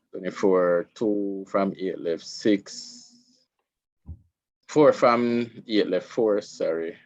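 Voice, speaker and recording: A man's voice: lowish voice, highs cut off. A male student, working through arithmetic aloud in class. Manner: thinks aloud while calculating.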